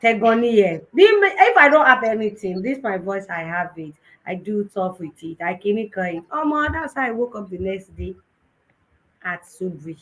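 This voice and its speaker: A woman's voice: mid-range voice, animated, normal speed, rough recording. A young Nigerian woman hosting a live conference talk, telling a personal story with laughs and Yoruba phrases mixed in. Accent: Nigerian, Yoruba-influenced. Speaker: host.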